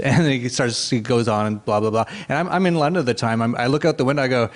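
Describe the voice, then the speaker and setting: Fast talking guy hosting a casual chat, rambles, lots of uhs. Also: medium pitch. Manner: rambling, many fillers, laughs often. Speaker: host.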